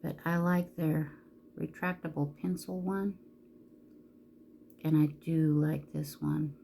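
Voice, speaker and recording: A woman's voice: deep voice, steady tone, takes it slowly, gravelly, warm tone, a little hiss or hum. A middle-aged woman chatting casually through a get-ready-with-me makeup video, rambling along and cracking crude jokes. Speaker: makeup vlogger.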